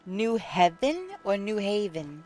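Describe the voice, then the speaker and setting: A woman's voice: medium pitch, very animated, slow, darkish tone, faint music behind. A woman from Long Island with a New York accent, chatting casually with viewers on a live stream and laughing often.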